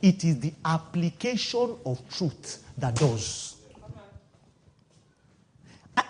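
A middle-aged man preaching a sermon, swinging from loud exclaiming to quiet asides. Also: slow pace, pauses often, husky. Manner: animated, shifts from loud exclaiming to low asides. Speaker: pastor.

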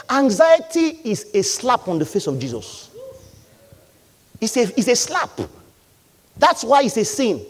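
A man's voice: sits high, sing-song, brisk. A man preaching a sermon. He talks emphatically, repeats key lines and acts out voices from the congregation. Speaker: pastor.

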